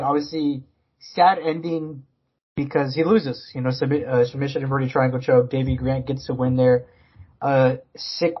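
A man's voice: medium pitch, highs cut off. A man co-hosting a casual sports podcast, rambling with many fillers and restarts. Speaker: podcast co-host.

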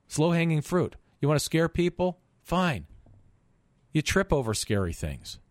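A man's voice: on the high side, very animated, moderate pace, no room sound. A middle-aged man hosting a finance radio show in a studio, talking emphatically with rhetorical questions and stumbling repeats. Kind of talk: call-in radio talk monologue.

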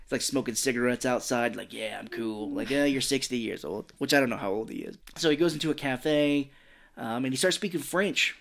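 Animated man recapping a movie. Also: mid-range voice, a little fast. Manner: animated, retells scenes with quoted lines and swearing. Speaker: podcast co-host. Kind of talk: casual movie recap chat.

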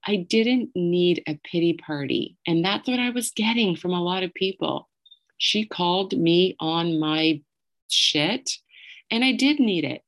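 A woman's voice: lowish voice, expressive, a little slow. A middle-aged woman telling a candid, emotional personal story and swearing freely as she goes.

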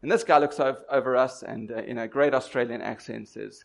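A man's voice: mid-range voice, fairly even intonation, a little fast, creaky, few pauses. A man from Durban preaching a sermon, telling stories and asking rhetorical questions in a conversational way. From Durban, South Africa.

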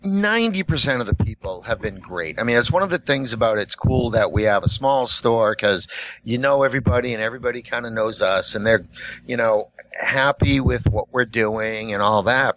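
A man's voice: mid-range voice, lo-fi sound, a little hiss or hum. A middle-aged man telling a work story in casual chat, rambling with lots of "like" and restarts. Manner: rambling, full of "like" and restarts, animated. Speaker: podcast co-host and coffee shop worker.

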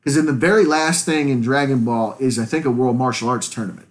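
A man co-hosting a casual podcast chat, animated and laughing often. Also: mid-range voice, fairly quick. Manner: animated, laughs often, quotes scenes in put-on voices. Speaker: podcast co-host.

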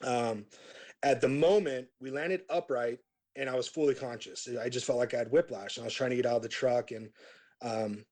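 A man's voice: medium pitch, fairly even intonation, moderate pace, darkish tone. A middle-aged man, a metal band vocalist, telling his story in a casual interview, laid-back and rambling with lots of fillers and restarts.

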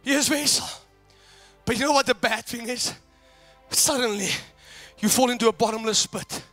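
A man preaching a fiery sermon, swinging from hushed to shouting, his voice breaking with emotion at times. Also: very high-pitched, fairly even intonation, normal speed, soft background music.

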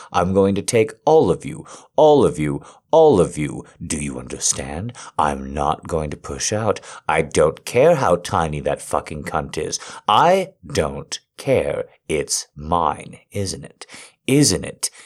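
A man playing a dominant, possessive lover in an erotic audio role-play, crude and commanding. His voice is extremely deep and husky. He speaks slowly and hammers short demands again and again. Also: heavily acted.

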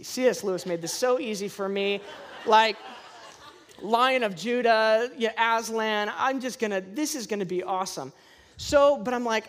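A pastor preaching to a congregation, telling personal stories with self-deprecating humor and lively acted-out asides. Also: mid-range voice, normal speed. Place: church service before a congregation.

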